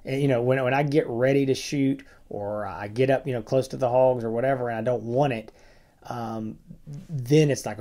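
A man co-hosting a review podcast in casual conversation, often dropping to quiet asides. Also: medium pitch, steady tone, moderate pace. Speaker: podcast co-host.

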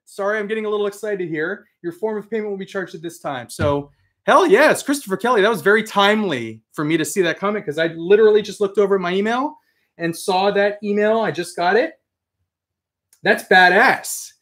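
A man hosting a casual live stream, reading out viewer comments with excitable, mildly profane chatter. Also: sits high, a little fast. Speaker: host of a live toy and comics stream.

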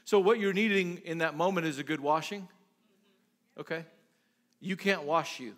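A man's voice: a little high, moderate pace, a bit bright. A male pastor preaching a sermon in a conversational way, with lots of restarts and sudden emphatic bursts.

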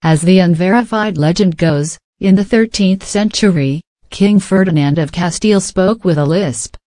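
A woman reading a news article aloud in a steady, even delivery. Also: fairly low pitch, normal speed, no room sound. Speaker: news reader.

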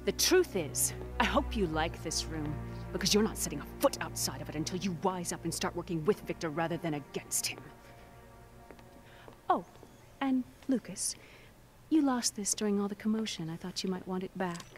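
A woman's voice: on the low side, expressive, normal speed, over music, close to an everyday voice. A woman voicing a cold, scheming ally of a villain in a video game cutscene, speaking in a condescending, taunting way.

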